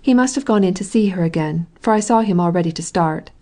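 A woman reading the lines of a cheerful aristocratic gentleman, in a jovial, affectionate way. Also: fairly low pitch, fast talker, natural voice. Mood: genial.

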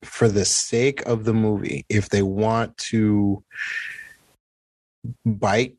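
Low-voiced man, hesitant chat. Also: little pitch movement, darkish tone, dry recording. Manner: hesitant, measured, many ums and restarts. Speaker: podcast co-host. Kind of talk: casual chat.

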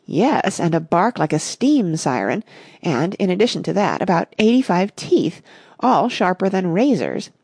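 An excitable young gentleman from a storybook, read by a woman with a husky, gravelly low voice. He bursts out with brisk, impatient exclamations and swings widely in pitch. The sound is dry and close. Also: no room sound, full character voice. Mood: incredulous.

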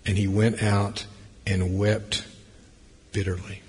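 Brief: husky male preacher, lowish voice, sermon that swings from loud to hushed, long hall echo. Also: level tone, moderate pace. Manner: swings between loud emphasis and hushed near-whispers.

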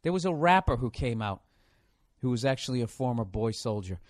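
A man's voice: medium pitch, animated, brisk, dry recording, clean studio sound. A man hosting a solo podcast, rambling in a sarcastic, profanity-heavy rant. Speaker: podcast host.

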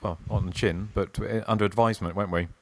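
A man's voice: lowish voice, fairly even intonation, quick pace, gravelly, no echo. A man hosting a podcast, chatting casually and reading listener emails aloud. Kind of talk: casual chat.

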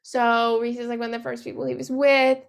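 Young woman, high gravelly voice, podcast co-host, casual profane chat, acts out quotes. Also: level tone. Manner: chatty, profane, quick asides, acts out characters' lines. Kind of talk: casual chat recapping a movie.

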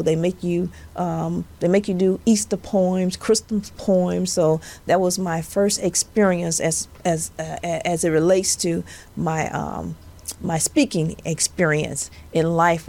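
Southern woman with a gravelly low voice. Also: darkish tone. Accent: Southern US, northern Louisiana. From Louisiana, USA. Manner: preacherly, emphatic repetition. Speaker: podcast host, civil rights attorney. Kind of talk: earnest motivational podcast talk.

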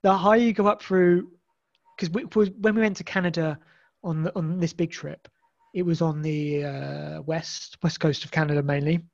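A man's voice: a little high, fairly even intonation, moderate pace, vocal fry, a little mellow. An English man chatting as a podcast guest, rambling with many restarts and fillers. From England. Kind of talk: casual podcast conversation. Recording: dull lo-fi sound.

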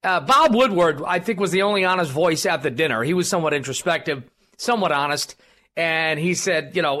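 Combative talk radio host, high voice. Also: male voice, expressive, fairly quick, sharp tone. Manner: rambling, combative, many fillers. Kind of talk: political talk radio commentary.

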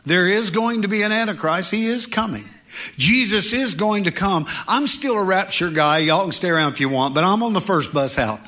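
A middle-aged pastor preaching a sermon in an animated way, with joking asides and mock voices. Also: male voice, sits high, normal speed.

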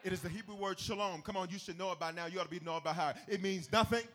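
A man with a notably high voice preaches to his church. He calls out lines for the congregation to repeat and pushes into shouted, sung cadences. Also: rapid-fire. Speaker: pastor. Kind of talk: sermon. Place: church service.

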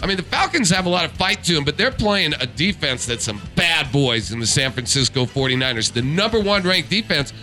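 A man hosting a casual sports radio segment on betting picks, excitable and quick to laugh. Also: on the high side, faint music behind.

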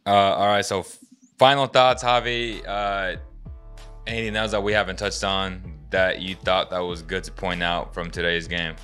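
Bright-toned low-voiced male podcast host. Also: fairly even intonation, moderate pace, smooth, soft background music. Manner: laughs often, prompts co-host with questions. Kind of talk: casual sports talk.

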